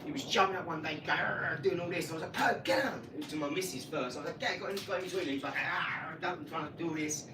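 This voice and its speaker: A man, rambling casually about his dogs and acting out scenes with lively energy. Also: on the high side, rapid-fire, few pauses, distant mic. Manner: chatty, animated when acting out scenes. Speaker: vlogger. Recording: echoey room, voice off-mic, noisy.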